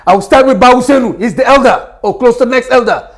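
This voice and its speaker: A man's voice: extremely high pitch, fast. A Gambian man with a Gambian accent, a political leader speaking fervently and preachily in an interview. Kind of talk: impassioned interview talk.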